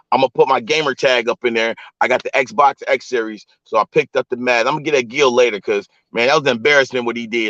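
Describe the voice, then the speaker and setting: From a vehicle, a man streaming live on his phone tells his chat stories, loose and profane and speaking to them directly. He has a medium-pitched, slightly bright voice, captured on dull, dry, lo-fi phone audio.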